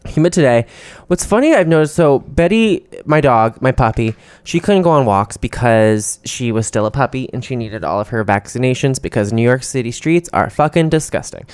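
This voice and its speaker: A man's voice: medium pitch, animated, normal speed, hardly any pauses, darkish tone, smooth, no room sound. A man co-hosting a podcast in casual chat, chatty and campy, swearing casually. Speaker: podcast co-host. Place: New York City.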